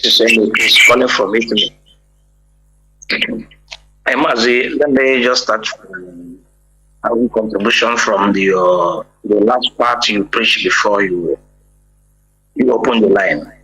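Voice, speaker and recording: A man calling in to the show, speaking in a measured way with some hesitations. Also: lowish voice, pushed and bright, slightly rough, low-quality recording. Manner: measured, hesitant with "uh" and "you know". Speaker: caller. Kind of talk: call-in contribution.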